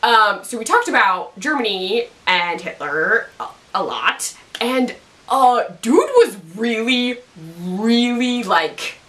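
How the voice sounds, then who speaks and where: A woman's voice: fairly high pitch, animated, slow pace, fairly bright tone, distant mic. A young woman recapping a TV episode in a goofy, rambling way, acting out characters' lines in silly voices. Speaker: TV recap vlogger.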